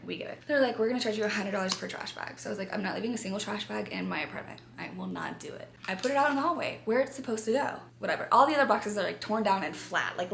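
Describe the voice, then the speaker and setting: A woman vlogger chatting through a story for her viewers, lively and talkative. Her voice has a gravelly fry to it. It sounds recorded in an echoey room at home, with a faint hiss behind. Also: medium pitch. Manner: animated, chatty, addresses viewers as you guys.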